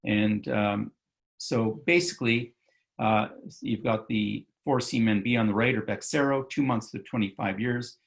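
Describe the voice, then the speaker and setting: A man's voice: on the low side, measured pace, vocal fry. A male physician giving an online medical lecture over slides, talking loosely with many fillers and self-corrections.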